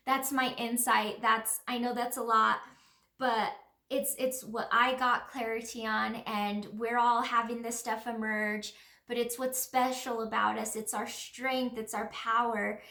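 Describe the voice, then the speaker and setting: Earnest, rambling woman healer with a bright, tense voice, recorded in a roomy space. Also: on the high side, steady tone, a little slow. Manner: rambling, earnest, many fillers. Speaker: spiritual healer. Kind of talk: casual reflective monologue. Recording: roomy echo.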